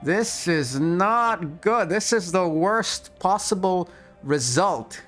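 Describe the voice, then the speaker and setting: Man narrating a solo tabletop game, excitable, slow-paced, slightly high voice, faint music beneath. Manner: excitable, laughs at dice results.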